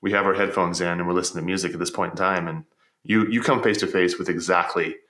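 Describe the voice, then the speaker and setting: A man's voice: deep voice, steady tone, quick pace, fairly bright tone. Earnest man in a roomy space. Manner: earnest, reflective, repeats words when starting. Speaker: podcast guest. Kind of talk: storytelling in conversation.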